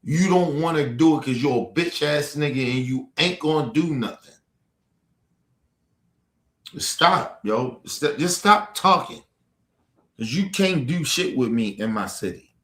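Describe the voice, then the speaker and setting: Man, livestream rant, fairly high voice, combative, echoey room. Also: expressive, a little slow, long pauses, fairly bright tone. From Baltimore. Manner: aggressive, profane, challenging. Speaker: streamer.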